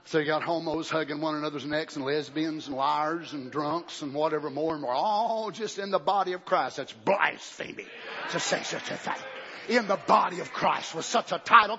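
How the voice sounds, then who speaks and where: In an echoey church hall, captured on dull lo-fi audio, a male preacher gives a fiery sermon at normal speed, moving from low murmurs up to shouted peaks with cries of amen.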